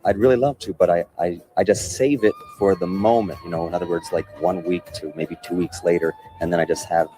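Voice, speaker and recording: A man's voice: sits low, steady tone, brisk, music in the background, low-quality recording. A man interviewed as a celebrity guest, answering in a coy, teasing way and playfully dodging requests. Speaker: celebrity guest, ring announcer. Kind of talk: light banter interview.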